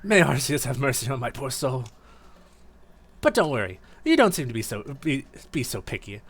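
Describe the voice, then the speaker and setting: A man voicing a kind female psychic healer creature from a game, gentle and chatty. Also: mid-range voice, big pitch swings, moderate pace, husky. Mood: friendly. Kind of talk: voicing game dialogue on stream.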